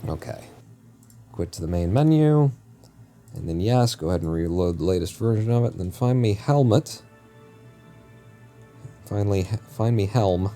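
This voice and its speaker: A man with a deep, mellow voice talks through a live game stream, wandering from topic to topic with jokes and constant self-corrections. His delivery is loose and chatty, and soft music plays quietly underneath. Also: animated, moderate pace, pauses often. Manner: rambling, jokey, often corrects himself mid-sentence. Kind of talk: casual live-stream chat while playing.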